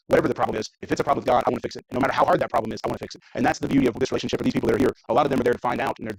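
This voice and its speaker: A man preaching a casual, conversational sermon in church while showing mission trip photos, talking fast and often restarting his sentences. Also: mid-range voice, creaky, no echo, low-quality recording. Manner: fast, conversational, self-interrupting. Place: church sanctuary.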